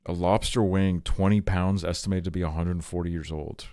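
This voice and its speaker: On a live stream, a man with a very deep, mellow voice reads out short items at a fairly quick, steady clip. He interjects with blunt, offhand, profane reactions, and the recording is close and dry.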